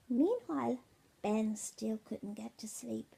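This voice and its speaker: Older grandmother reading slowly, gravelly voice. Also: medium pitch, expressive. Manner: gentle, asks the children questions, often drops to a whisper. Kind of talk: bedtime story reading. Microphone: iPad mini.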